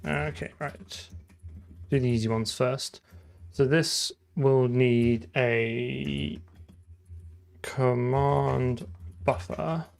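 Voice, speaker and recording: A man with a southern English accent talks through his code on a live stream. His voice has a gravelly, fry-edged texture at an ordinary middle pitch. He thinks aloud in a loose, chatty way. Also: extremely slow, long pauses. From southern England. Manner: chatty, thinks aloud while coding, laughs often. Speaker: programming streamer. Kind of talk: casual live-coding chat.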